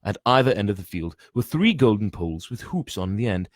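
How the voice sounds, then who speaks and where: A man's voice: fairly low pitch, sing-song, a little fast, no room sound, clean studio sound. A man reading a book aloud, often stumbling and restarting, with chatty asides. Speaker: reader.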